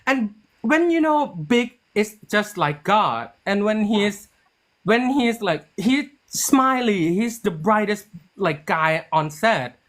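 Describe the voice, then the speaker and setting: A man, a series writer and producer, tells a story in a relaxed interview. His pitch rises and falls widely as he acts out the dialogue he quotes. His speech is loose and chatty, full of restarts and "like". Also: slow pace.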